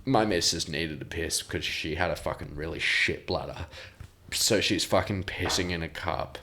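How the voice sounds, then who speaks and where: Deep-voiced young man telling stories. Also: normal speed, background noise. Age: young adult. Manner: rambling, profane, laughing storyteller. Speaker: podcast guest. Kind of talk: casual storytelling chat.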